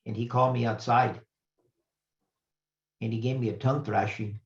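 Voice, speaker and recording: An older man speaks as a guest lecturer, earnest and reflective, often pausing and restarting his sentences. His voice sits at an ordinary pitch. The recording sounds roomy and a little muffled. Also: steady tone. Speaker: retired professor, guest speaker. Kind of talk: personal storytelling lecture.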